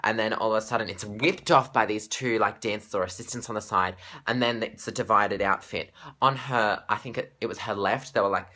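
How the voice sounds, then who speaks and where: Gushing Australian man, bright voice. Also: fairly low pitch, brisk. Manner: gushing, breathless and swearing freely. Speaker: pop fan vlogger. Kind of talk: excited casual vlog.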